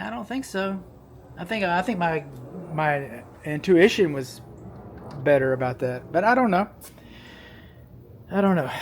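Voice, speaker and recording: A man's voice: fairly high pitch, a little hiss or hum. A middle-aged man, a home inspector, talking his way through an electrical panel inspection, repeating points and coaxing himself along. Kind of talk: on-site inspection walkthrough.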